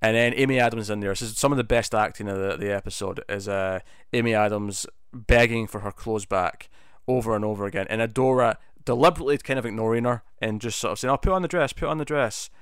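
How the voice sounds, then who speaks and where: A man's voice: fairly low pitch, steady tone, fast, hardly any pauses, clean tone, dry recording, clean studio sound. A man casually talking through a TV episode, rambling with many restarts and fillers. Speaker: TV episode reviewer. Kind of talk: casual spoken review.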